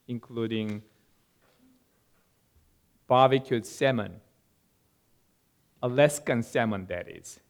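A male pastor giving a sermon and church announcements, speaking haltingly with many fillers. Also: mid-range voice, clear, resonant tone.

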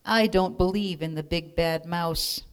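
A woman's voice: on the low side, a little slow, smooth, lightly acted. A woman reading aloud and voicing a bold young female monster child in a storybook, eager and wondering. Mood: awed.

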